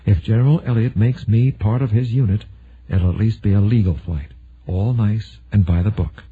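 A man voicing a confident female military pilot who talks in a brisk, matter-of-fact way, with a husky voice. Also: on the low side. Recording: narrow phone-like sound.

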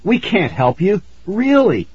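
A man's voice: sits high, huge pitch swings, slow pace, breathy edge, dry recording, pitched above the performer's own voice, full character voice. A man voicing a frightened young boy who insists and pleads, in a slightly muffled recording. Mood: scared insistent. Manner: shouting, insistent.

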